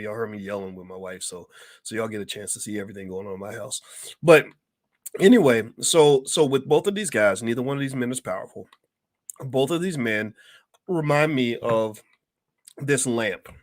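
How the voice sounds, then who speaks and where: A middle-aged man holds forth to his online audience from his home, with the cadence of a preacher who hammers and repeats his points. He clears his throat now and then. The sound is close and dry, with no room around it. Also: mid-range voice, lively intonation, normal speed, dry recording. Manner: preacher-like, emphatic, repeats key phrases for effect. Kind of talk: impassioned livestream commentary.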